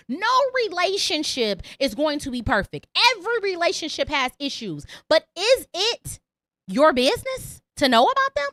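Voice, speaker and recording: Woman podcast host, very high and bright, swooping pitch; blunt, profane rant. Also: very animated, moderate pace, dry recording. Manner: repeats lines for emphasis. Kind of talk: opinionated call-in podcast monologue.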